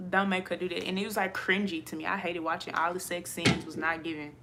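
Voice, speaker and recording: A woman ranting to her viewers in a casual vlog, blunt and profane, animated and quick to laugh. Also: on the low side, very noisy. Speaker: vlogger.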